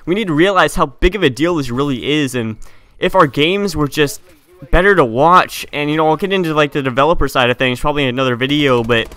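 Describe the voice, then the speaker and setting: A teenage boy rants hotly in an opinion vlog, his voice bright and a touch higher than most. He talks in a clean, crisp tone, tripping over words and restarting sentences as he gets indignant. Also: fast. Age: teens. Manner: heated, indignant ranting with frequent restarts and stumbles. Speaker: gaming YouTuber.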